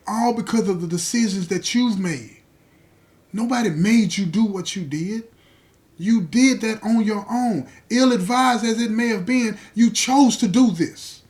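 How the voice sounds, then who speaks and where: A man voicing a weeping ex-convict father who pleads with his son, speaking higher and louder than his own telling. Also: close to an everyday voice. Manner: pleading, emotional.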